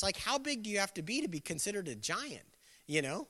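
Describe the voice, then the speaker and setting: Bright-voiced man preaching in a big hall. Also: high voice, sing-song, brisk. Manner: casual, conversational preaching with quoted voices. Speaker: pastor. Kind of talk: sermon. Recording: long hall reverb.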